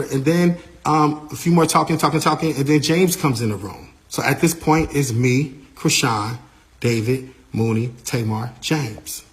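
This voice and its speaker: A man, an artist's manager, recounting a backstage incident in a lively, casual way, repeating himself and using slang. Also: a little high, normal speed. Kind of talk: animated storytelling.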